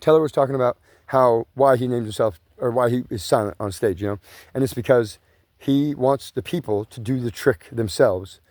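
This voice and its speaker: A man's voice: medium pitch, normal speed, darkish tone, no room sound, clean studio sound. A man, rambling casually and profanely while pacing along grassland trails outdoors. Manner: rambling, profane, says "you know" and "bro" a lot. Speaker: vlogger.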